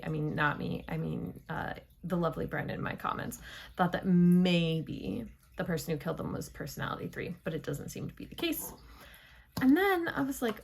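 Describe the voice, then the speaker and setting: A young woman giving a chatty, playful spoiler review of a TV episode, full of dramatic asides. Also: on the low side. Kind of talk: casual spoiler review monologue.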